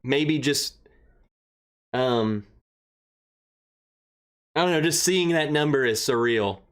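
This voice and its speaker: Young man, livestream host, casual rambling chat, excitable, emotional, mid-pitched voice. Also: slow pace, smooth. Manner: rambling, excitable, emotional, greets chatters by name. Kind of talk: casual livestream chat, reading viewer comments.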